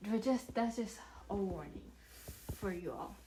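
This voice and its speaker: A young woman casually telling a storytime vlog, rambling with restarts and sudden animated bursts of loudness. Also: mid-range voice, a little slow, slight background noise, poor audio. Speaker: vlogger.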